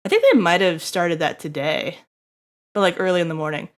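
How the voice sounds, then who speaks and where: A woman's voice: lowish voice, big pitch swings, fairly quick. A young adult woman streaming, chatting casually to her viewers in a rambling way, swearing freely and laughing often. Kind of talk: casual live-stream chat.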